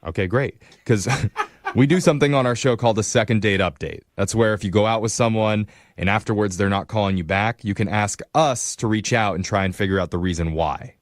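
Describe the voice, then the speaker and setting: A man's voice: lowish voice, fairly quick, no echo. A male radio host running a call segment in a teasing, blunt way. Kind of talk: joking radio prank call.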